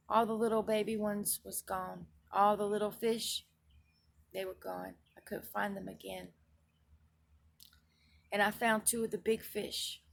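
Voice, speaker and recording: Woman with a gravelly, creaky voice; earnest Christian vlogger retelling a dream, emphatic and repetitive. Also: medium pitch, fairly bright tone. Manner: earnest, emphatic, repeats herself, restarts phrases. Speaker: Christian video blogger. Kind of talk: recounting a dream and its spiritual meaning.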